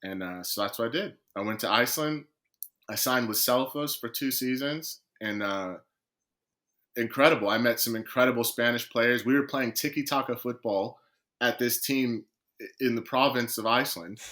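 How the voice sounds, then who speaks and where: A man's voice: medium pitch, moderate pace, pushed and bright. A man, a professional footballer, telling his career story as a guest on a podcast and acting out the conversations he quotes.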